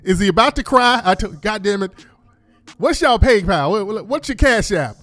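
A man giving blunt, animated commentary to his livestream audience, repeating himself often. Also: sits high, normal speed, no echo.

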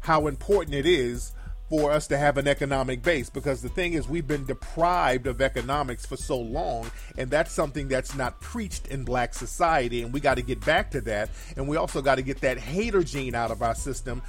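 Soft music plays behind a man with a medium-pitched voice who talks a little fast. He hosts a call-in livestream, hammering home blunt, profane points by repeating his key phrases.

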